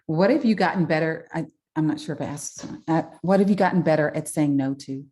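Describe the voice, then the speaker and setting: A woman with a Southern US accent hosting an interview, chatty and quick to tell stories. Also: sits low. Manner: chatty, animated storyteller, frequent restarts. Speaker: interview host. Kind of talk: interview conversation.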